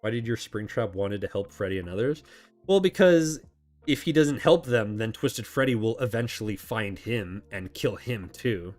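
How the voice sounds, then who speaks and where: A man's voice: fairly low pitch, moderate pace, few pauses, soft background music. A man hosting a casual chat, answering viewer questions in a rambling, self-correcting way and laughing often.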